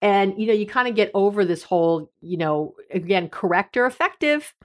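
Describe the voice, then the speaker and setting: A woman's voice: medium pitch, animated, normal speed. A middle-aged woman, a therapist hosting an advice podcast, talking candidly in a conversational, self-deprecating way.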